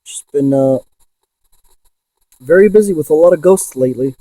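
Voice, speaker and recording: A man in a ghost box session vlog, excitedly calling out to spirits and swearing when he insists to viewers. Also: a little high, normal speed, dry recording. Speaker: paranormal investigator.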